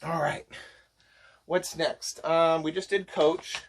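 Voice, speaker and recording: A man chatting to camera as he shows off a shopping haul, enthusiastic and gushing, his voice getting hoarse. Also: on the high side, steady tone, takes it slowly, slight background noise. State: voice going hoarse. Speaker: vlogger showing a shopping haul. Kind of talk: casual chat to camera.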